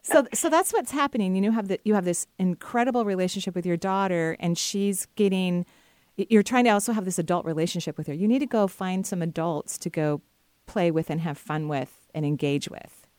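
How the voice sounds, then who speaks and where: A woman's voice: lowish voice, brisk, dry recording. Chatty woman advice host, dry studio sound. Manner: warm, chatty, laughs often. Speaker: intuitive advice show host. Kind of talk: casual advice to callers.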